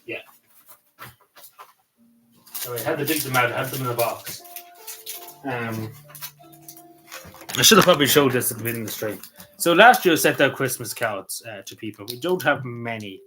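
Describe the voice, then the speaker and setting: An Irish man hosting a casual livestream, rambling with many ums and quick apologies. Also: mid-range voice, bright, forceful tone, low-quality recording. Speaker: livestream host.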